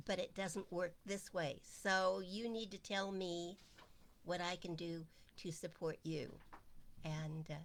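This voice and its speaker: A woman with a low, gravelly voice leads a weekly online gathering as its minister. She keeps the talk casual and teasing, and now and then she lets her voice sink into quiet asides. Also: a little hiss or hum. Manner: playful, chatty, drops into quiet asides. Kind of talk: casual livestream chat.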